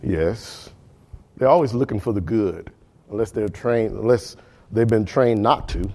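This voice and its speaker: A man's voice: on the low side, measured pace, warm tone. A man leading a Bible study class, asking the group questions, checking in often and repeating words for emphasis.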